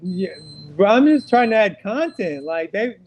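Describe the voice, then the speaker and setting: A fairly high-voiced middle-aged man chatting on a podcast. He rambles through stories, swears freely and leans on filler words, the talk loose and unscripted. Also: very animated, measured pace, darkish tone, a little hiss or hum, rough recording. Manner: rambling, profane, heavy on "like" fillers. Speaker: podcast co-host. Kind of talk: casual podcast chat.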